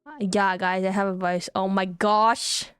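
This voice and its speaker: A woman's voice: mid-range voice, fairly even intonation, unhurried, a bit bright, smooth, faint music behind. A young woman streaming casually, giggly and tender, who swears offhandedly. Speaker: VTuber streamer.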